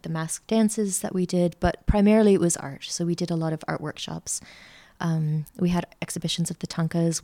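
A middle-aged woman, a podcast guest telling a lively travel story with lots of fillers. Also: fairly low pitch, creaky. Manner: chatty, animated anecdote-telling with many fillers. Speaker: interview guest, art school founder. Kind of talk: casual storytelling.

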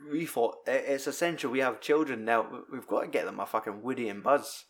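Brief: Scottish guy in his thirties, casual podcast chatter, sweary and rambling, middling pitch. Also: a little fast. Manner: rambling, swears constantly, animated retelling. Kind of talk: casual chat.

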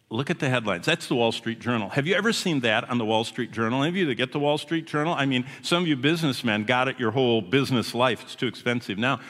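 A man's voice: mid-range voice, a bit bright. A man who is a traveling missionary preaching a sermon to a congregation, telling stories in a folksy, chatty way with asides to the audience. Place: church or meeting hall with a congregation. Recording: long hall reverb.

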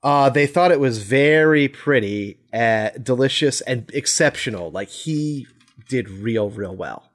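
A man co-hosting a casual chat podcast, wry and self-deprecating, often trailing off quietly. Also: mid-range voice, animated, a little slow. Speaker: podcast co-host.

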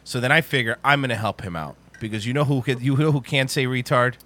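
A man hosting a podcast, telling a comedic story in a rambling, animated way and laughing at his own jokes. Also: medium pitch, quick pace.

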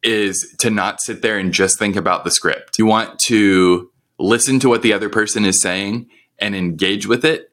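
A man's voice: on the low side, a bit bright. A man co-hosting a podcast, talking in a casual, conversational way and explaining business advice step by step. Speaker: podcast co-host.

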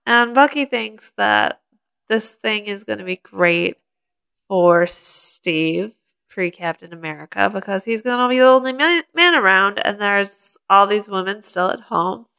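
A woman's voice: mid-range voice, animated, a little slow, vocal fry, sharp tone, smooth. A woman co-hosting a podcast, recapping a movie in casual chat and eagerly explaining facts. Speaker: podcast co-host.

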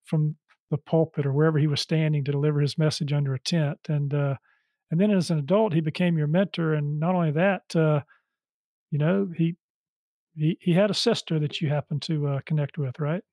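A male interviewer talks with his guest, summing up the guest's story and leading into questions. His voice sits fairly high for a man. The recording is dry and close, with no room sound, and his delivery is loose and full of fillers. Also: fairly even intonation, fairly quick, dark tone, no room sound. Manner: prompting, summarizing, many fillers. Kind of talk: conversational interview.

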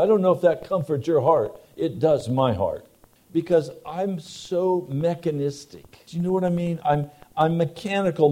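Man preaching with a warm, mellow voice. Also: fairly high pitch. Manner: earnest preaching, swings from loud emphasis to hushed intimate tones. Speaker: pastor. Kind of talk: sermon.

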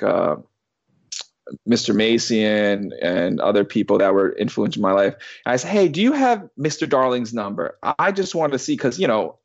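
A man in his thirties tells a long personal story in a loose, rambling way, circling back through restarts and the occasional curse. His voice sits at an ordinary middle pitch. The recording sounds slightly dull and lo-fi. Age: 30s. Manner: rambling, with many restarts and swearing. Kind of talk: casual storytelling.

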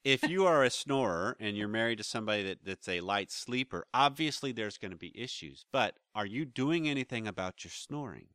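A man's voice: lowish voice, expressive, fairly quick, hardly any pauses, a bit bright, clear, resonant tone, dry recording, clean studio sound. A man co-hosting a podcast about relationships, talking casually in rambling, trailing sentences. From United States. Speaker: podcast co-host, relationship counselor. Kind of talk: casual chat.

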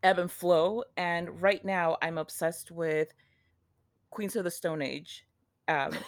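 A woman's voice: fairly low pitch, fairly even intonation, slow pace, dry recording. A woman talking as a podcast guest in a playfully dramatic, mock-bossy way. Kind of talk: casual chat.

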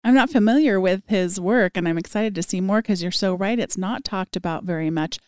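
A woman hosting a podcast, telling stories in a lively conversational way with frequent laughter. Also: medium pitch, brisk, clear, resonant tone, no room sound, clean studio sound. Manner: animated storytelling with frequent laughs. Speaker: podcast host.

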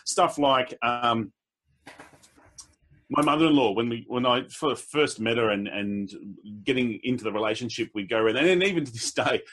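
A man, a public speaker, telling anecdotes in a relaxed conversation, with a husky voice. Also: normal speed. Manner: storytelling, slips into quoted voices with pitch jumps. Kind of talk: casual conversation.

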